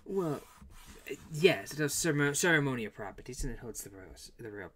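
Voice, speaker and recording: Hesitant small-shop jeweler played by a man, mid pitch, full of ums and restarts, cagey. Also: lively intonation, fairly quick, a bit bright, natural voice. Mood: wary. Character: nervous middle-aged male shopkeeper jeweler.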